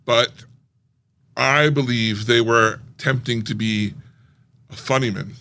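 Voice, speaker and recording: Playful guy cohosting a podcast, bright edgy voice. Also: mid-range voice, steady tone, measured pace. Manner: playful, jokey. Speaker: podcast co-host. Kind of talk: casual chat.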